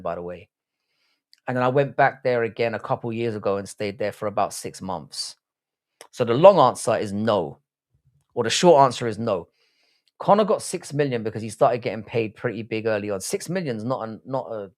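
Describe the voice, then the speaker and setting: A man's voice: mid-range voice, darkish tone. Profane South London man hosting a livestream. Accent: South London English. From England. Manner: profane, blunt, banter reading chat aloud. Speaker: livestream host. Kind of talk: casual live watch-along chat.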